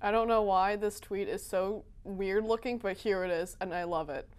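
A young woman hosting a comedy video, reading tweets aloud in quick playful voices with a sassy, dramatic delivery. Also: medium pitch, fairly even intonation, smooth. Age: young adult. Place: Boston.

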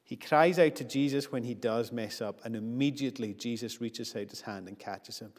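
A man's voice: mid-range voice, normal speed, a little mellow. Earnest preacher man in an echoing church. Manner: earnest, builds with repeated phrases. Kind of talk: sermon. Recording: long church reverb.

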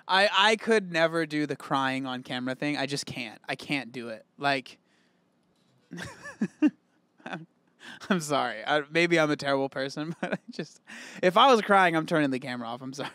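A man's voice: fairly high pitch, lively intonation, normal speed, sharp tone, dry recording. A man casually reacting to a video, candid and chatty, thinking aloud as he comments. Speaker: reaction host.

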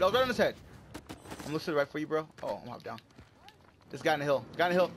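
Excitable male gamer, high voice that swings all over, swears a lot, loud gunfire behind. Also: racing, pauses often, background noise. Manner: excitable, swears often, yelps when under fire. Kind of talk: casual gameplay commentary. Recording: game gunfire loud under the voice. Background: gunfire and explosions from the game.

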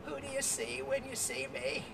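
Croaky frail old lady in a nursing home, high and hushed, as a preacher puts her on, heard from afar with reverb. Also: sing-song, moderate pace, far from the mic, background noise. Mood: wistful.

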